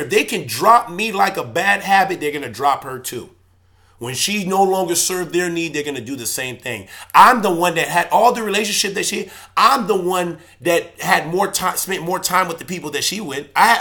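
A man talks in an impassioned personal video, pitched a little high, his voice forceful and tense. He preaches, swinging between loud outbursts and quieter, subdued stretches. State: emotional. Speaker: church elder vlogger. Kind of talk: emotional personal video monologue.

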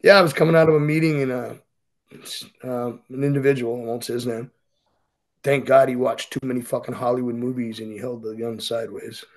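A man's voice: medium pitch, fairly even intonation, fairly quick, rough recording. A middle-aged man, speaking as a podcast guest and telling his story bluntly and profanely. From Boston. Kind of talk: candid storytelling interview.

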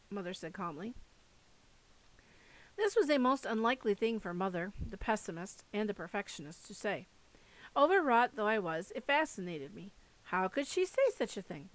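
A woman's voice: medium pitch, big pitch swings, normal speed, low-quality recording. A woman reading a first-person novel aloud, expressively voicing the dialogue. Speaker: audiobook reader. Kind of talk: first-person book narration.

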